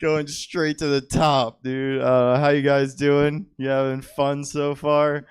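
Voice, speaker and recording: A man's voice: on the high side, little pitch movement, slow, smooth. A man hosting a stand-up comedy show on a club stage, laid-back and self-deprecating, saying "man" and "dude" a lot.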